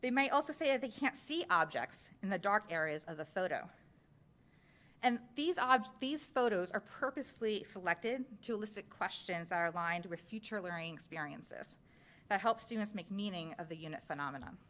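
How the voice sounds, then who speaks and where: A woman's voice: mid-range voice, lively intonation, normal speed, fairly bright tone. A woman presenting a science curriculum at a school board meeting, walking through slides step by step in an explanatory way. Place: public meeting room.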